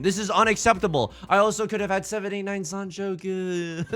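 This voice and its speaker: A man giving live mahjong commentary to his chat, theatrical and quick to swing between mock outrage and laughter. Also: high-pitched, fairly even intonation, fairly bright tone, faint music behind. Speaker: mahjong streamer.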